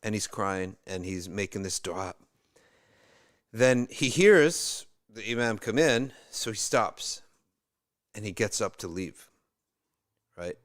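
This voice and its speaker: A man's voice: fairly low pitch, expressive, slow, pauses often. A male religious teacher telling a story in a casual, conversational way, with asides and restarts. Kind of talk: storytelling talk.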